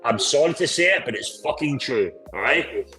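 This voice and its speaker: A man's voice: mid-range voice, lively intonation, moderate pace, pushed and bright, faint music behind, rough recording. A man hosting a casual drinking chat, boisterous and rambling with heavy swearing. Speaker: podcast host.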